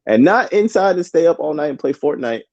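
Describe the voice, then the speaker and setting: A man's voice: a little high, expressive, fairly quick, vocal fry, darkish tone, dry recording, dull audio. A man co-hosting a live match watchalong, chatting casually with slang and frequent laughs. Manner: laid-back, laughs often, slangy. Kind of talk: casual live-stream chat.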